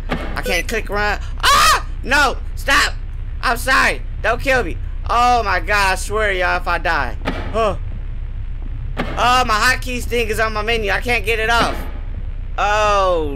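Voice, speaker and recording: A man's voice: high voice, noisy background. A young man playing a horror game, yelping and bantering to his viewers in slangy casual talk. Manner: jumpy, yelps and talks to the game. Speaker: gaming YouTuber.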